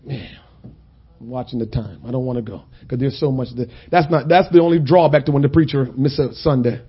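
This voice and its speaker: A man preaching a sermon in a conversational, storytelling way that builds to loud, shouted points. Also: medium pitch, fairly quick, slightly rough, dull audio.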